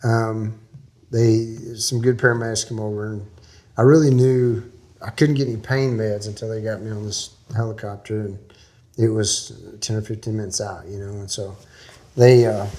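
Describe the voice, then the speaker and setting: Folksy low-voiced man telling a story. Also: fairly even intonation, normal speed, warm tone. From Texas. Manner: folksy, rambling, laughs while telling. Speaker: interview guest. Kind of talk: storytelling in a podcast interview.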